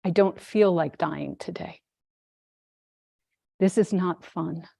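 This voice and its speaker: A woman's voice: slow pace, vocal fry, warm tone, husky, dry recording, studio quality, exaggerated voice. A woman voicing a frightened young man who keeps swearing and pleading as danger closes in. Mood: desperate. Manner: panicky, pleading, high-pitched outbursts. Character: frightened young man facing a mountain lion.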